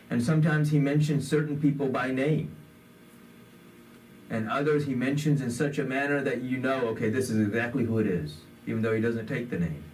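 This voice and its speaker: A man's voice: medium pitch, a little mellow, far from the mic, slight background noise. A man giving a conversational sermon, with many fillers, in a community center hall. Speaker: imam.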